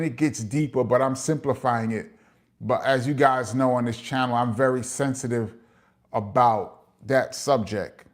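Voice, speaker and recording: Middle-aged man, New York accent, casual livestream host, long-winded, reads chat aloud. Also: medium pitch. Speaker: host of a live chat show. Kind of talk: casual livestream chat, reading viewer comments.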